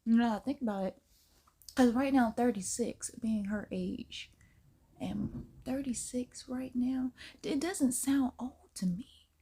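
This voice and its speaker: A woman's voice: a little high, slow pace, warm tone, slight background noise. A woman hosting a reaction video, chatting casually and exclaiming often.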